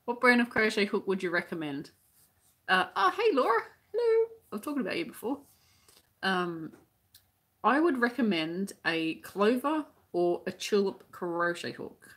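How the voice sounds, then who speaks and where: A woman's voice: mid-range voice, lively intonation, unhurried, a bit bright. An Australian woman who teaches crochet, chatting casually on a live stream as she reads out viewer comments, rambling with many restarts.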